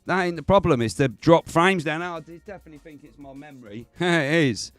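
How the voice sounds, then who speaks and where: A man's voice: on the high side, fairly quick, no room sound, faint music behind. Swearing man chatting on stream. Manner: swearing, chatty, laughs often. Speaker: livestream host. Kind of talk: casual stream chat.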